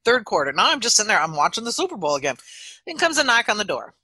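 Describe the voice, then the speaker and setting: A woman's voice: mid-range voice, rapid-fire, husky, no echo. A middle-aged woman casually telling an anecdote on a podcast, laughing often as she goes. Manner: animated, laughs often mid-story. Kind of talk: casual storytelling chat.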